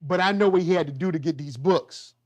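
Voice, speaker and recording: A man's voice: fairly high pitch, a little fast, dull audio. Slangy man riffing on a TV show. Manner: slangy, animated, acts out quotes in voices. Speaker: show host. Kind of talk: casual TV review chat.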